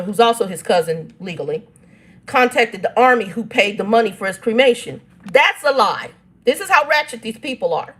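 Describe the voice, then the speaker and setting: A woman, telling a family dispute in a casual vlog. She reads text messages aloud and breaks in with blunt, irritated asides. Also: fairly high pitch. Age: 50s. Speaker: channel host.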